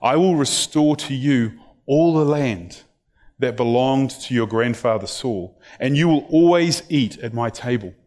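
A man voicing a kind, reassuring old king in a soft, quiet voice during a sermon. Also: medium pitch, measured pace, close to an everyday voice.

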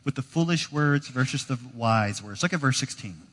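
A man preaching a sermon in a casual, conversational way, moving between quiet asides and emphatic points. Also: medium pitch, lively intonation, normal speed. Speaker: pastor. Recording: long hall reverb.

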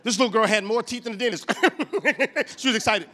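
Animated high-voiced male church speaker. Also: very fast. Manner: animated storytelling with comic voices. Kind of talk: comic sermon.

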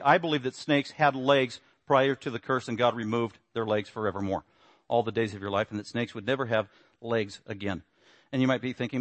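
A man preaching a sermon, lively and rhetorical, often asking the listeners questions. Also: mid-range voice, no room sound. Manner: animated, rhetorical questions and quizzing the audience. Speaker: pastor.

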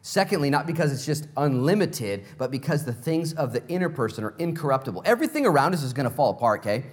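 A man preaching a sermon, animated and playful, telling stories in acted voices and asking the congregation direct questions. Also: fairly high pitch, fast. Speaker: pastor.

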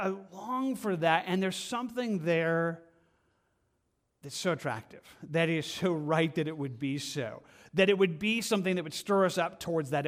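A man preaching a verse-by-verse sermon from a church stage, earnest and impassioned, often stumbling and restarting as he reaches for words. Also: high-pitched. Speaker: pastor.

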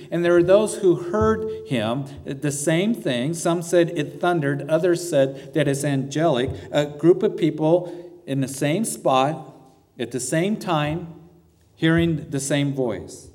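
A man's voice: on the high side, unhurried, darkish tone. Earnest male pastor in a reverberant hall. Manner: earnest, asks rhetorical questions. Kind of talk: sermon.

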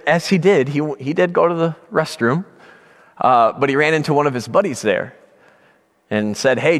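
A middle-aged man preaching a sermon, telling a personal story with passion, dropping to a hush and then rising to shouts. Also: mid-range voice, big-room sound. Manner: impassioned storytelling, swings from hushed to shouting. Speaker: pastor.

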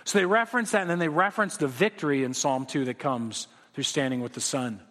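A man's voice: a little high, quick pace, bright, forceful tone. A man preaching a sermon as pastor, casual and conversational, acting out little prayer dialogues. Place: church sanctuary. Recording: long hall reverb.

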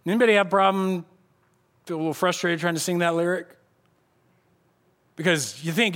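A middle-aged man preaching from a church stage, his voice sitting a little higher than most men's. He tells the story with energy and acts out the voices of the people in it. The delivery is an animated sermon. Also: a little fast, pauses often. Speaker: pastor.

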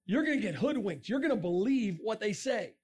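A middle-aged man giving a lively creationist talk to a young audience, joking and asking the crowd questions. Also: high voice, fairly quick, breathy edge. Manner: animated, asks the crowd questions, jokes. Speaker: creationist speaker.

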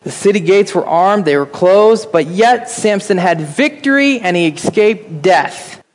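High-voiced preacher in an echoing space. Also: male voice, animated, unhurried. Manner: emphatic, asks the listeners questions. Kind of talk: sermon.

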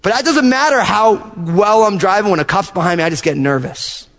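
Man, pastor, sermon, animated storytelling with asides, lingering church-hall echo. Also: high-pitched, brisk.

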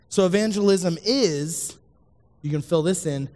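Earnest preacher in a reverberant hall. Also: male voice, high voice, unhurried, darkish tone. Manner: earnest, talks straight to listeners, repeats key lines. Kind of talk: sermon.

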